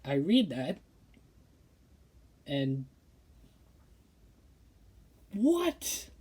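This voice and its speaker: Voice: mid-range voice, lively intonation, slow pace, mellow. A football commentary streamer ranting with indignation in casual talk, often stammering and restarting sentences. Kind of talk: casual opinion rant.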